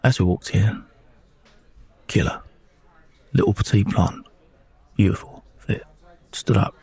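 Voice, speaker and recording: Male narrator, candid and rambling, casual swearing; low, mellow, husky voice, dry. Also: steady tone, slow pace, dry recording. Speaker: narrator of own experiences.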